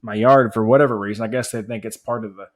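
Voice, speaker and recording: A man co-hosting a podcast, telling a long story in an animated, rambling rant. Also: lowish voice, fast. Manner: married family man. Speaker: podcast co-host. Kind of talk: casual chat.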